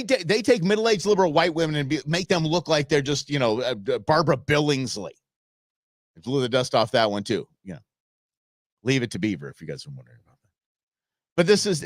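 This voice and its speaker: A middle-aged man hosts a live show in a loose, opinionated rant, answering his chat as he goes. His voice swings widely in pitch, and the sound is close and dry. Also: fairly bright tone, no echo. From Los Angeles area. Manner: opinionated, ranting, talks back to chat. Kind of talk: casual live-stream chat.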